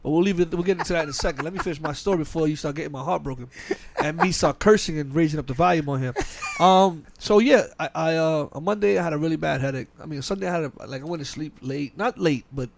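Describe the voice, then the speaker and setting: Fast-talking man telling a story. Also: on the high side, vocal fry. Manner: fast, animated storytelling with frequent restarts and quoted dialogue. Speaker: podcast host. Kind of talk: casual podcast chat, storytelling. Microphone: podcast mic.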